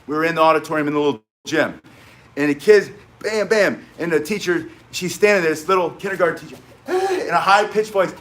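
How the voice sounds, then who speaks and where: Male self-defense instructor, high-pitched, blunt, emphatic, for casual teaching talk. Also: moderate pace. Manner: emphatic, blunt, animated storyteller. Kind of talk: casual spoken teaching with stories.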